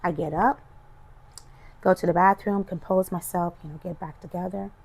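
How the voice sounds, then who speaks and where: Middle-aged woman, gravelly voice, emotional personal testimony, animated storyteller. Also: on the low side, normal speed. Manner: expressive, animated storytelling, voices her past self. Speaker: podcast guest.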